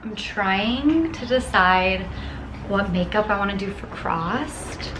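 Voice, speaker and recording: A young woman in her twenties vlogs casually into a phone camera. Her delivery is bubbly and excitable, thick with casual filler, at a mid-range pitch for a woman. When she reads aloud from a book, she settles into a steadier tone. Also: takes it slowly, background noise. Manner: bubbly and excitable, heavy on filler words like "dude" and "like". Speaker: lifestyle vlogger. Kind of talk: casual chatty vlog.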